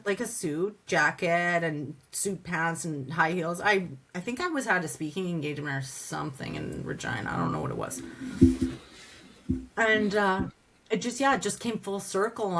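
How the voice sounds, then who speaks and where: Woman telling a lively personal story, low voice. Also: normal speed. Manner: lively storyteller who acts out dialogue, many "like" fillers. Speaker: guest, advocate. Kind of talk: casual podcast storytelling.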